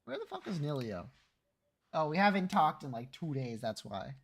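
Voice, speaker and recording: A man's voice: a little high, sing-song, moderate pace, gravelly. A man chatting and teasing a friend on a voice call while gaming. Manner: teasing, joking. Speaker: friend on voice chat. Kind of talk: casual chat while gaming.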